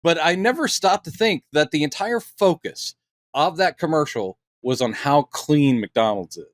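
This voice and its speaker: Guy co-hosting a movie review podcast, kinda high voice, keeps doing little bits of the lines, dry close sound. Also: dry recording. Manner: animated, slips into quick impressions of quoted lines. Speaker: podcast co-host. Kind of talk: casual film review chat.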